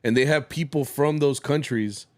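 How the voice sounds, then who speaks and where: A man's voice: medium pitch, moderate pace, darkish tone, dry recording, clean studio sound. A young man co-hosting a podcast, chatting casually and easily, swearing and slipping into Spanish now and then. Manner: laid-back, swearing, slips into Spanish. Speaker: podcast co-host. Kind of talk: casual chat.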